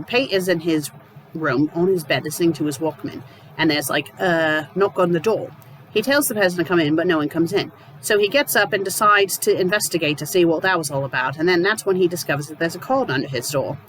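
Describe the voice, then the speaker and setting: Man, young adult, casual reviewer, sardonic, rambling, higher-pitched voice. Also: lively intonation, a little fast, a bit bright, a little hiss or hum, poor audio. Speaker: fan fiction reviewer.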